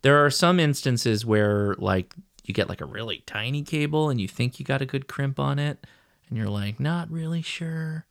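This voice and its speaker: A man's voice: mid-range voice, lively intonation, normal speed, vocal fry. A man co-hosting a podcast, chatting casually in a rambling, joking, self-deprecating way. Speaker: podcast co-host. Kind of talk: casual chat.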